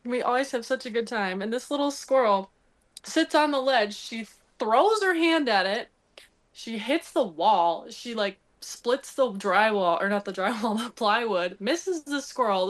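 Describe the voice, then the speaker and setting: A young woman telling a hunting story on a podcast in a casual, animated way, laughing and acting out what people said. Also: fairly high pitch.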